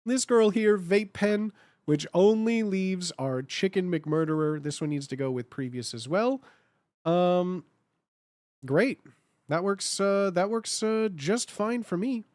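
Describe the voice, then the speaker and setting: A man's voice: high voice, darkish tone, no echo. A man chatting casually on a live stream while he edits slides, thinking aloud and repeating his phrases.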